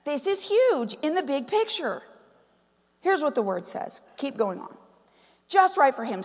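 A woman preaching a sermon, animated and full of questions to the congregation. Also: sits high, measured pace, pauses often, big-room sound. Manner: animated, asks the crowd many questions. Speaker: pastor's wife preaching.

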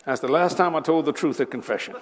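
A man in his seventies preaching a sermon to a congregation, telling humorous stories with lively asides to the people in front of him. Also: a little high, fast, a little hiss or hum. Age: 70s. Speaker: pastor. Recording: long hall reverb.

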